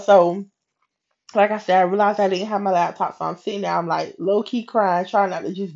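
A woman hosting a podcast, telling a personal faith story in a chatty, animated way and acting out what people said. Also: mid-range voice, normal speed, dull audio. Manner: animated and chatty, slips into quoted voices, laughs. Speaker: podcast host. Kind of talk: casual faith storytelling monologue.

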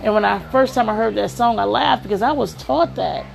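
Gravelly-voiced woman telling stories. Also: medium pitch, fairly quick, slight background noise. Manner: chatty storytelling, many "you know"s. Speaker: podcast host. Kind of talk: casual advice monologue.

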